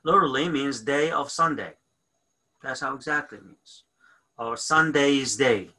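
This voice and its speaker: A man teaching a grammar lesson, explaining step by step with frequent pauses, fillers and self-corrections, often checking in with "okay?". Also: medium pitch, sharp tone, low-quality recording. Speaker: language teacher. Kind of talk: recorded online grammar lesson.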